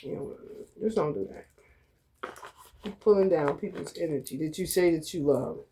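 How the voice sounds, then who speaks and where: A woman's voice: deep voice, normal speed, warm tone, slight background noise. A woman giving a casual tarot reading. She talks bluntly and profanely, calls the viewers y'all and honey, and laughs often as she tells stories. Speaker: tarot reader.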